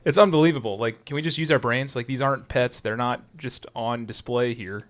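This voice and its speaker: Male co-host, mid-pitched, easygoing sidekick energy, quick to agree. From South Dakota. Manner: chatty, agreeable, fills in with quick yeahs and facts. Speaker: podcast co-host. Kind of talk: casual sports podcast banter.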